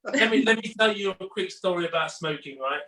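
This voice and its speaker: A guest chef tells an anecdote on a video call, his high-pitched voice brisk and animated as he acts out the quotes and laughs through the punchline. The recording sounds echoey, with him sitting far from the mic.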